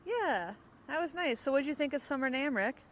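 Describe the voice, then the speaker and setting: A young woman hosting a podcast in casual chat, rambling and quick to laugh. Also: high voice, lively intonation, slight background noise, poor audio. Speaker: podcast host. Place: outdoors, in a parked car.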